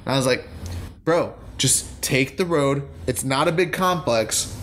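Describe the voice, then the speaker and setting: Animated man telling a heated story. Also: medium pitch, unhurried, slight background noise. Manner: animated storyteller, acts out his own heated replies. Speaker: wrestling podcast co-host. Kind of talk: casual chat.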